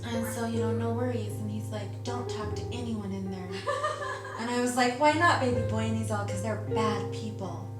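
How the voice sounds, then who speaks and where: A woman's voice: a little high, brisk, hardly any pauses. A woman who runs an escort agency, talking candidly and casually on camera for a documentary, swearing freely as she tells her stories. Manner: casual, profane storytelling. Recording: roomy sound with music behind. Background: music.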